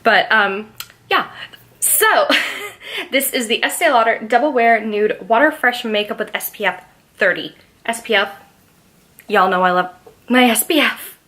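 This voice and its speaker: A woman's voice: fairly high pitch, moderate pace, a bit bright. A woman reviewing a foundation in a casual beauty vlog, chatty and apologetic, with the hiccups. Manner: chatty, apologetic, reads labels aloud. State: has the hiccups. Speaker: beauty vlogger.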